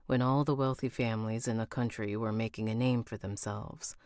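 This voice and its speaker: A woman's voice: very deep voice, fairly even intonation, brisk, a little mellow, no echo, clean studio sound. A woman reading as a charming rich young man. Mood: storytelling.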